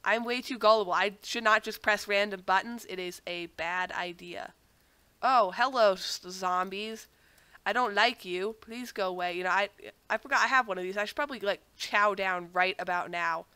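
A young woman who has a cold talks over her gameplay in a loose, rambling way, often mocking herself and wandering off on tangents. Her voice is bright and clean, and it is recorded dry and close with no room sound. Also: mid-range voice, normal speed, clean tone, dry recording. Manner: rambling, self-mocking, easily sidetracked. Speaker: gaming channel host. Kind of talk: casual gameplay commentary.

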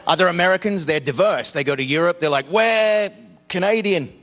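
A man's voice: a little high, fast. A man with an Australian accent performing a stand-up comedy set, shifting into put-on voices and accents for his characters. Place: comedy club stage with audience. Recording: live club recording, loud crowd and noise, hall reverb.

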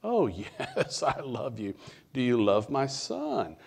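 A man voicing a desperate man hanging from a cliff branch, pleading loudly with nervous laughs. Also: unhurried. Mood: pleading, frantic. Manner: high-pitched, loud, breathless pleading with nervous laughter.

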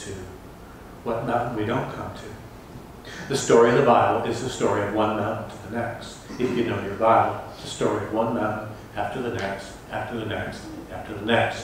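A man's voice: lowish voice, a little hiss or hum. Man preaching in an echoey hall. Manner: dramatic rises when reading scripture aloud. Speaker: pastor. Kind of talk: sermon. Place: church sanctuary. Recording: echoey church hall from far off.

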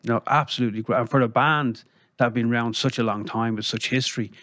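A man's voice: mid-range voice, fast talker, no echo, clean studio sound. Irish man telling rambling stories. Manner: rambling anecdotes with lively voiced quotes. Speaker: guest. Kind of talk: casual storytelling interview.

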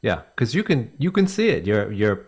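A man's voice: fairly low pitch, sing-song, normal speed, breathy edge. A man talking as a podcast guest, agreeable and building on the host's points. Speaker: podcast guest, dog behavior consultant. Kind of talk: conversational interview.

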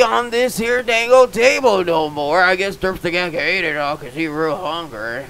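Brief: male gamer, goofy hick persona, bright, sharp tone, creaky and gravelly, prone to excited shouting. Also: high voice, normal speed, hardly any pauses, rough recording. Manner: goofy dim-witted yokel persona with folksy slang. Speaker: gamer vlogger. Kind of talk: comedic gameplay commentary.

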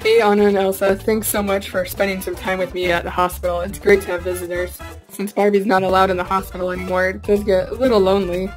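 A woman's voice: mid-range voice, flat delivery, fast, faint music behind, natural voice, low-quality recording. A woman voicing an injured young man doll in a cast, whiny and complaining.

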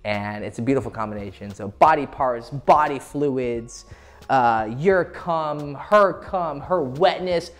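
A man's voice: medium pitch, takes it slowly. A man giving casual, profane dating advice, laughing often as he talks. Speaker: dating coach. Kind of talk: casual instructional talk.

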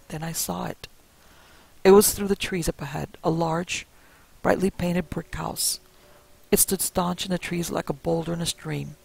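A man narrating a first-person spooky story in a measured, suspenseful way. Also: fairly high pitch, gravelly, husky, low-quality recording.

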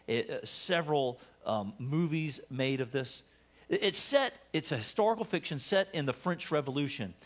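Chatty pastor preaching a sermon. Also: male voice, on the high side, expressive, normal speed. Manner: conversational, humorous, asks the congregation questions. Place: church sanctuary.

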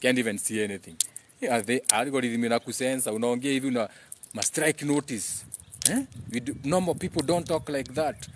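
Male streamer, mid-pitched, preachy and rambling, chants repeats, faint background hiss. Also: fairly quick. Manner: preachy, switches between English and Swahili mid-sentence; repeats phrases in chant-like bursts. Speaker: live stream host. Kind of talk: rambling live-stream monologue reading comments.

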